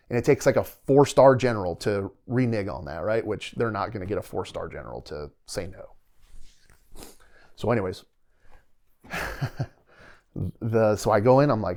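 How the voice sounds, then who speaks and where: A middle-aged man with a somewhat low voice tells his own story as a guest on a podcast. He talks casually and with animation, acting out the voices of people he quotes. He laughs readily as he goes. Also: normal speed, long pauses. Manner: animated storyteller who acts out quoted dialogue and laughs often. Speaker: podcast guest, retired soldier.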